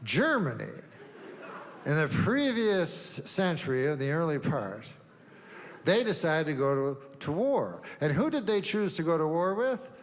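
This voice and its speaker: A man doing a stand-up routine, deadpan and rambling, with long meandering setups and offhand asides. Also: on the high side, unhurried, slight background noise. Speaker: stand-up comedian. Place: comedy stage before a live audience. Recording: live room reverb, faint ambience.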